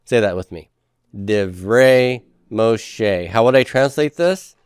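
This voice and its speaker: A man's voice: mid-range voice, big pitch swings, a little fast, clean tone, no room sound, clean studio sound. A man giving a classroom lecture, asking his students questions and answering them himself. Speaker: professor.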